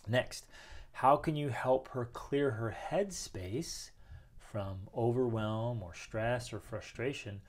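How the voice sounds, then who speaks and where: Energetic man giving a motivational talk. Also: mid-range voice. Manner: energetic, emphatic, asks rhetorical questions. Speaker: host. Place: home with children playing nearby.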